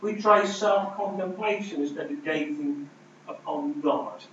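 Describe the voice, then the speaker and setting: Preacher guy, kinda high voice, really echoey far-off dull recording, big loud then quiet swings. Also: a little slow, slight background noise. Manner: emphatic, dramatic shifts between loud and hushed. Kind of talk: sermon. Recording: distant, roomy, dull hall recording.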